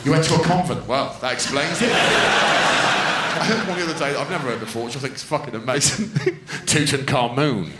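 Stand-up comedian, sweary, high and lively delivery, echoey venue. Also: male voice, fairly quick, heavy background noise. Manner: sweary, animated, laughing. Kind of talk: stand-up storytelling.

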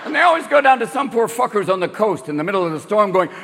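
A man performing a stand-up comedy routine, loud and profane, jumping into exaggerated character voices. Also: high voice, very animated, fast, creaky, few pauses, some chatter behind. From lives in California. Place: stage before a live audience. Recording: live stage recording, audience and hall reverb.

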